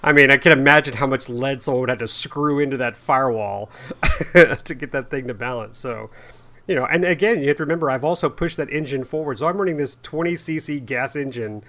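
A man's voice: medium pitch, a little fast, sharp tone. Laughing, rambling man in casual chat. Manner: laughs often, self-deprecating, rambling with restarts. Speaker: podcast co-host.

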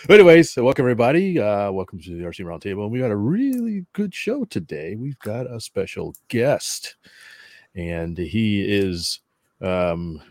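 A man hosting a hobby podcast in casual chat, playful and quick to laugh. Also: fairly low pitch, no echo. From northern US. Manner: playful, animated, laughs easily. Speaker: podcast host.

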